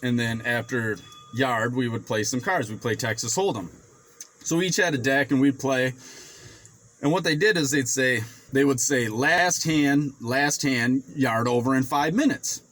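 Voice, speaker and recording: A man in his forties telling a story casually to the camera, rambling and swearing freely, getting animated when he quotes himself. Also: medium pitch, moderate pace. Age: 40s. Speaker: finance vlogger.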